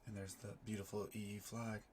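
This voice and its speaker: A man's voice, low-pitched and worn hoarse and raspy by a sore throat. He talks casually, reading news out loud and drifting off into rambling, self-mocking side comments. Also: little pitch movement, fairly quick, slight background noise. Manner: rambling, self-deprecating asides. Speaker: finance YouTuber.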